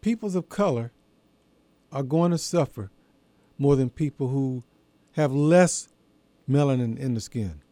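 A man hosting a religious radio program, preaching in a measured, emphatic way with deliberate pauses. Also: medium pitch, lively intonation, dark tone, no room sound. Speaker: radio show host and preacher. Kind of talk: radio sermon.

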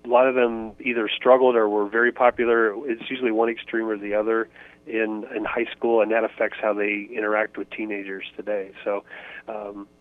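A man's voice: lowish voice, little pitch movement, fairly quick, no room sound. A man from Indiana, a ministry author and interview guest, talking earnestly and reflectively with many fillers and restarts. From United States, Indiana. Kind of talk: conversational interview answers. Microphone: phone line. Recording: tinny phone line, dry.

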